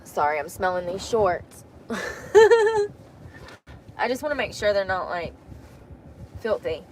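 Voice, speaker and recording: A young woman, chatting casually to camera from inside a vehicle, often dropping to soft mutters. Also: medium pitch, wildly swooping pitch, takes it slowly, a little hiss or hum. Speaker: vlogger. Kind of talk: casual vlog talk to camera. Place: inside a vehicle bed at night.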